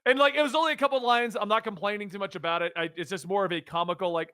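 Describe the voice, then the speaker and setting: Fast-talking bright-voiced young man. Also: high-pitched, clear, resonant tone, no room sound, studio quality. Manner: fast, animated, laughs often. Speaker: podcast co-host. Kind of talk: casual chat.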